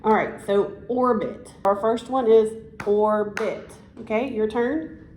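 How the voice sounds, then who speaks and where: A woman's voice: fairly high pitch, measured pace, darkish tone, slight background noise. A woman teacher giving a one-on-one science lesson, encouraging and praising as she prompts the student to repeat after her. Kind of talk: one-on-one classroom instruction. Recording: echoey room.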